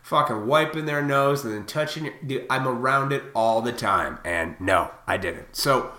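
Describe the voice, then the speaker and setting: Heated, sweary man ranting in an echoey room. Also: moderate pace. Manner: heated and sweary, swinging from loud outbursts to low reflective talk. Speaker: vlogger. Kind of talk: profane ranting monologue.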